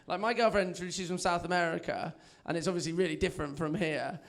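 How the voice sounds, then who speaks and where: A man's voice: sits high, fairly even intonation, a little fast, vocal fry. A young English man doing stand-up, chatty and self-mocking, laughing at his own jokes in front of a club audience. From England. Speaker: stand-up comedian. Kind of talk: stand-up set. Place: comedy club with a live audience.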